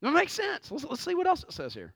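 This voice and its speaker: A man preaching a lively, conversational sermon full of rhetorical questions. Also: very high-pitched, quick pace, vocal fry, no echo. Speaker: pastor.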